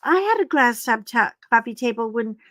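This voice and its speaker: A chatty woman hosts a casual livestream from home, rambling between stories and stopping to coax her dogs. Her voice sits on the high side. The desk mic gives a dry, close sound with no room echo. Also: animated, moderate pace, fairly bright tone. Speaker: livestream host. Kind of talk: casual livestream chat while coloring.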